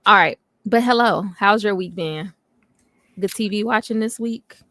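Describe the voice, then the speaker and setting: A woman co-hosting a casual chat show, animated and playfully teasing. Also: medium pitch, unhurried, dry recording, studio quality. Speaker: co-host.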